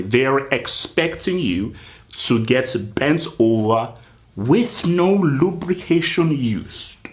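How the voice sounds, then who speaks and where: Animated man ranting a mock team talk. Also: medium pitch. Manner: mock team talk, addressing players directly, swinging loud and slow. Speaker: football channel host. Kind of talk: comedic football pep-talk rant.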